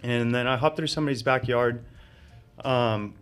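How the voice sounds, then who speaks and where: A man's voice: medium pitch, moderate pace, clear, resonant tone, soft background music. A man guest telling his story in casual conversation, laughing often and filling with "like". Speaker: interview guest.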